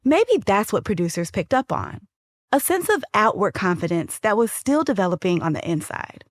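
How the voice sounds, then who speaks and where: A woman hosting and narrating a documentary-style podcast in a measured, storytelling way. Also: medium pitch, sing-song, dry recording, clean studio sound.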